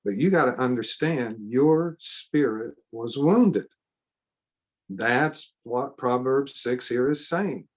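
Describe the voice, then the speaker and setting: A man preaching at a teaching seminar in a sermon style. He speaks slowly and deliberately, earnestly emphatic, and restates key phrases for weight. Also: mid-range voice, lively intonation.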